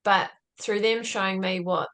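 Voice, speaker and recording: A woman's voice: medium pitch, steady tone, a little slow, a bit bright. A woman as a podcast guest, telling a personal story in an earnest, reflective way and often saying "like". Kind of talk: conversational interview storytelling.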